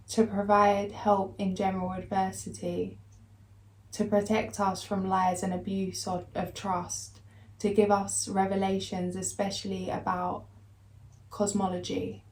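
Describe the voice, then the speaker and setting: A woman doing a spiritual card reading, talking in a calm, soothing, unhurried way as she reads aloud. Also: mid-range voice. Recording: echoey room, faint background noise.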